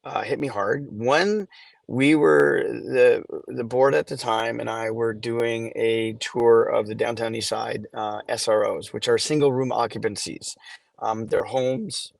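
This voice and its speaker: Halting, gravelly man in his forties. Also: mid-range voice, steady tone, no echo. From Canada. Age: 40s. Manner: halting, emotional, many restarts. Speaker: charity founder guest. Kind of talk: podcast interview storytelling.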